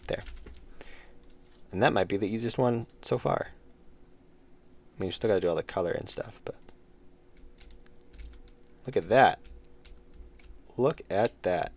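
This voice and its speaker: Low, gravelly male streamer, casual, mutters while coding, keys clacking. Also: slow pace, pauses often. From United States. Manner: thinks aloud, mumbles while working, chats with viewers. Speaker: game developer streamer.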